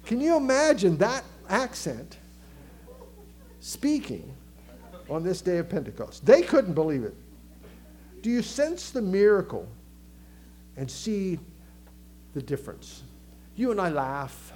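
A man preaching a sermon with a Southern American accent, animated, acting out crowd voices and dropping to a hush for emphasis. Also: high voice, slow, pauses often, slight background noise. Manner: animated, acts out crowd voices, swings from loud to hushed. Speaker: pastor.

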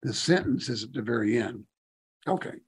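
Guy teaching bible study, mid pitch, reads verses then chats about them, gets emphatic. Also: animated, moderate pace, husky. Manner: reads scripture aloud with commentary, rising emphatically on key phrases; casual asides.

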